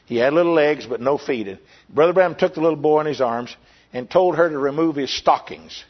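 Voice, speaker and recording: An older pastor gives an earnest sermon testimony, circling back on his words and pausing as he tells the story. His voice sits a little high for a man. The recording is dull and lo-fi. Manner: earnest storytelling with repetitions and pauses.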